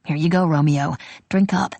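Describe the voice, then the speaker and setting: A brisk, sharp-tongued young woman, read by a woman narrator, who teases and talks bluntly. The voice sits low, with a gravelly, husky edge and a dry, close sound. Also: fairly even intonation, no echo. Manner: quick, teasing, blunt.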